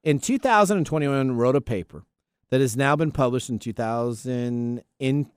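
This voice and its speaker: A male podcast host talks through tech stories in a loose, rambling way and keeps tripping over names. His pitch swings widely and his delivery is animated. The close studio mic sounds dry, with no room echo. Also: normal speed, clear, resonant tone. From US Pacific Northwest. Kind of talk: casual tech podcast chat.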